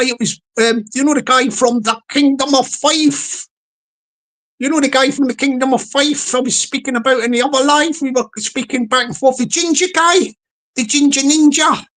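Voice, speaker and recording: A woman's voice: sits high, fairly bright tone, rough recording. A woman chatting casually on a live stream, rambling playfully and greeting viewers by name.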